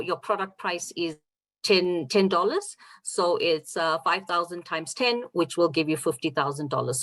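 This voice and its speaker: Low-voiced woman explaining step by step. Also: fairly bright tone. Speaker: judge and mentor on a panel. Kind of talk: explanatory webinar talk.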